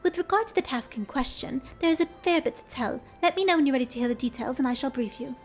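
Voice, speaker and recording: A woman's voice: high-pitched, animated, quick pace, faint music behind. A woman reading aloud as a polite, formal female innkeeper in a game. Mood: courteous.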